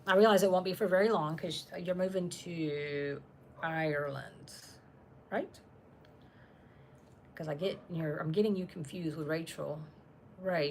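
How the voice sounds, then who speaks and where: Streaming live from home, this channel host reads through chat comments and laughs a lot as she talks about her dogs. Her voice sits low, and there's slight background noise.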